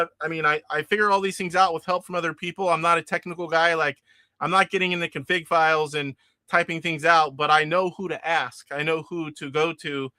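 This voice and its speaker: Man, from California, high-pitched, bright, dry close sound, rambling stream host. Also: clean tone, no room sound. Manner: chatty, rambling, frequent restarts and laughs. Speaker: livestream host. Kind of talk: casual chat reading viewer comments.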